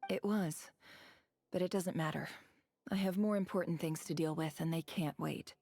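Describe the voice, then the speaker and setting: An actress playing a cool, self-assured young desert woman with a gravelly, hushed, mocking delivery. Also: fairly low pitch, fairly even intonation, normal speed, soft background music. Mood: flat resolve.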